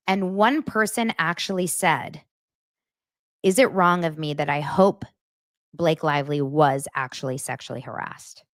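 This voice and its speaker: A woman hosting her own podcast, talking straight to her listeners in animated, casual commentary with lots of filler words. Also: on the low side, no room sound, studio quality. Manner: animated, talks directly to listeners, many "like" fillers. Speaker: podcast host.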